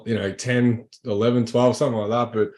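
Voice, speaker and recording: A man's voice: mid-range voice, level tone, brisk, darkish tone. A man, a guest musician, chatting casually on a podcast in a rambling, laid-back way with many fillers. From Australia.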